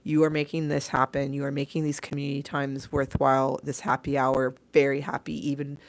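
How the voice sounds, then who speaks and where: A hoarse woman hosting a livestream, talking casually and playfully, swearing freely and sending her viewers love as she signs off. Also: very deep voice, monotone, a little fast, dry recording, low-quality recording. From southern California. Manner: chatty, swearing, playful and affectionate. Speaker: livestream host. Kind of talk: casual livestream sign-off chat. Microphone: desk microphone.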